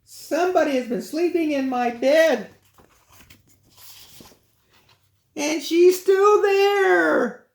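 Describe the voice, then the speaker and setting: Tiny crying baby bear, squeaky falsetto, wailing, roomy echo. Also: male voice, slow, vocal fry, full character voice. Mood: shouting. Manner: wailing, drawn out.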